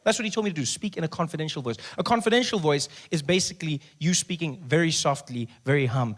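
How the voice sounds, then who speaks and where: A South African man doing stand-up comedy on stage, telling an animated story and dropping into a hushed whisper at times. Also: fairly high pitch, fast, few pauses. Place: stage before a live audience.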